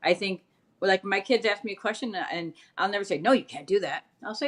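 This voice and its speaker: A middle-aged woman co-hosting a casual panel chat, talking things through and acting out quotes in a raised voice. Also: a little fast. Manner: animated, acts out quotes in a high voice. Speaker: co-host.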